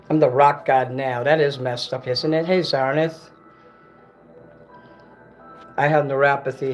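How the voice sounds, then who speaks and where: A man on a casual livestream, ranting bitterly and cursing, often stopping to correct himself. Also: medium pitch. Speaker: livestream host.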